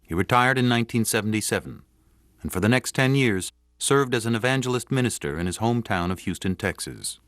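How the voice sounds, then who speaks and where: Low-voiced man narrating a sports documentary. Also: no room sound. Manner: measured, even storytelling delivery. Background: music bed.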